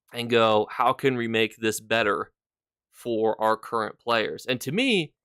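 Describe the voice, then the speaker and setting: A man's voice: mid-range voice, a bit bright, clear, resonant tone, no room sound, clean studio sound. A man casually talking to his viewers on a live stream, rambling through his points and stopping to thank people in chat.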